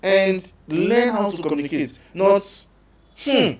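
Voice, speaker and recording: A man with a Nigerian accent hosting a live call-in show on relationships, talking in an animated way, slipping into pidgin and acting out quotes. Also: mid-range voice, normal speed. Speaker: radio show host. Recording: echoey room, distant from mic.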